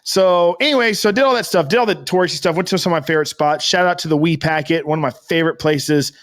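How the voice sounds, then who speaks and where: A man's voice: fairly high pitch, fast talker. A man co-hosting a podcast, rambling through a casual story with loose swearing. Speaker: podcast co-host. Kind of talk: casual chat.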